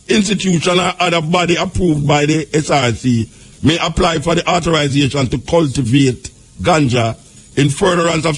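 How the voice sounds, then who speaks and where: A man's voice: a little high, slightly rough. A Jamaican man hosting a talk show, reading a legal text aloud and breaking into loose patois asides. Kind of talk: reading a law aloud with commentary.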